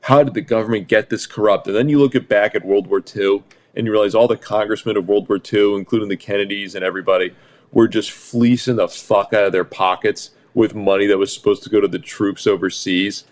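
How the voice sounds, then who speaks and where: Male co-host, fairly low, rapid and crude, mocking impressions mid-story. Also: steady tone, darkish tone. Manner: fast, profane, slips into mocking voices. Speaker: podcast co-host. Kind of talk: casual chat.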